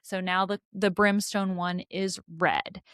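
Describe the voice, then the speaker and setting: A woman's voice: mid-range voice, flat delivery, slow, a bit bright, clear, resonant tone, no room sound, clean studio sound. A woman co-hosting a casual book-club podcast, summing up plot points in a wry, matter-of-fact way. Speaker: podcast co-host.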